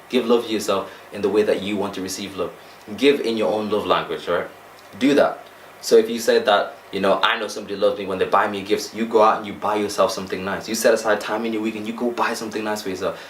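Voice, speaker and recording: A man's voice: lowish voice, reverberant, distant mic, slight background noise, poor audio. A young man giving an earnest motivational talk to camera, often checking in with "right?". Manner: earnest, repeats points with "right?" and "okay?". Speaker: self-help vlogger.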